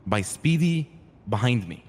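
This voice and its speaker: A man playing a streetwise, hot-tempered crew boss in a roleplay game, retelling events in an animated way, acting out quoted lines and swearing freely. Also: medium pitch, measured pace, in a large hall, a little hiss or hum, natural voice. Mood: earnest. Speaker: roleplay character telling his side. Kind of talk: in-character storytelling in a roleplay game.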